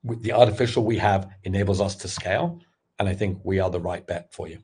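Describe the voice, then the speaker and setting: A middle-aged man giving a candid, animated webinar talk on pitching, full of restarts as he tells his story. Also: fairly quick, husky. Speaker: sales expert and former startup founder.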